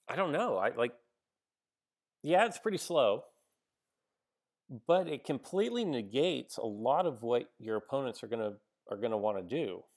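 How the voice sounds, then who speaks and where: A man's voice: mid-range voice, very animated, moderate pace, long pauses, a little mellow. A man giving casual live-stream commentary on a game he is playing. He thinks aloud, stops and restarts often with ums and likes, and answers viewers between moves. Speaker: gaming streamer.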